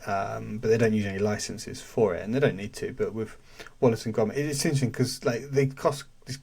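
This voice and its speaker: A man's voice: on the low side, steady tone, fairly quick, gravelly, darkish tone, slightly rough. A man hosting a podcast, talking in a rambling, chatty way full of restarts. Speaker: podcast host. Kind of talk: casual chat.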